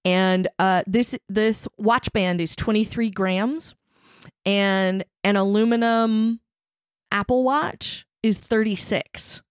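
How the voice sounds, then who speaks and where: A woman's voice: mid-range voice, steady tone, slow pace, clean tone, dry recording, clean studio sound. A woman hosting a podcast in casual, playful chat, laughing easily. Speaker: podcast host.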